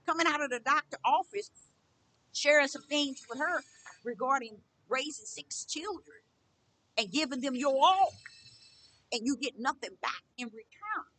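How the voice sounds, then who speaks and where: A middle-aged woman preaches with a high, bright voice that swings widely up and down. She speaks emphatically and repeats herself as she testifies. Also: lively intonation, normal speed. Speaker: spiritual teacher. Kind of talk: preaching monologue.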